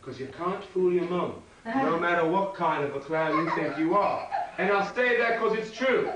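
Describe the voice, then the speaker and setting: A man's voice: fairly high pitch, moderate pace, muffled recording. A man performing as a clown entertainer, telling a playful story and doing a magic trick for children, chatty and teasing. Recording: echoey, distant, noisy venue.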